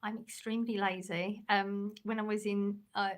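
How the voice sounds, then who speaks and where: A woman's voice: mid-range voice, flat delivery, normal speed. A woman with an English accent, chatting casually on a livestream while reading out comments, hesitant and laid-back with many ums. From England.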